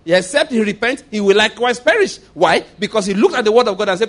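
Casting: male pastor, high voice, emphatic and repetitive sermon delivery. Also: expressive, fast, hardly any pauses, fairly bright tone. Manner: emphatic, repetitive, rhetorical questions.

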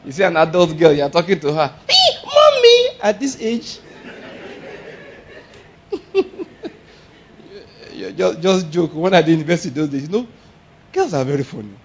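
A man preaching a sermon, animated and often laughing, firing rhetorical questions and shouting exclamations. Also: a little high, fairly quick, pauses often. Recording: dull lo-fi sound.

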